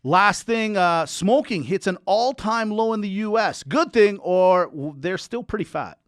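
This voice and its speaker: A man's voice: high-pitched, lively intonation, measured pace, no echo, clean studio sound. A man co-hosting a sports podcast, bantering playfully and trying out joke nicknames. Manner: playful, jokey, calling out mock nicknames. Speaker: podcast co-host.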